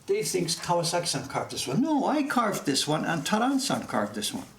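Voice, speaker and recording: Live-streaming casually from his print workshop, this sixties-aged man speaks with a Canadian accent that holds faint traces of English. His high, slightly bright voice swoops wildly in pitch at a moderate pace, and he comes across as enthusiastic, talkative and quick to laugh. Background noise fills the echoey room.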